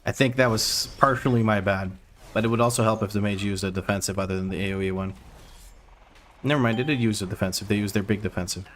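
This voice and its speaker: A man's voice: on the low side, fast, fairly bright tone, slight background noise. A man streaming a game, giving running play-by-play with wry asides to his chat. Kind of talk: live gameplay commentary.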